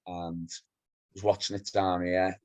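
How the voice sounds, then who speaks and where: A man in casual football podcast chat, telling animated stories and acting out exchanges from the pub. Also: sits low, measured pace, clear, resonant tone, dry recording, lo-fi sound. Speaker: podcast co-host.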